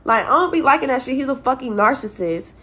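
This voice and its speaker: A woman's voice: sits high, lively intonation, fast talker, a bit bright, slightly rough. Exasperated, profane young woman. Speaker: clip subject, young mother. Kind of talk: venting to camera.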